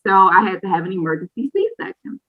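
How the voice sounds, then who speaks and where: A woman's voice: mid-range voice, big pitch swings, fairly quick, phone-quality sound. A woman in her thirties, a podcast co-host, candidly telling a personal story in a rambling, casual way with frequent asides. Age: 30s.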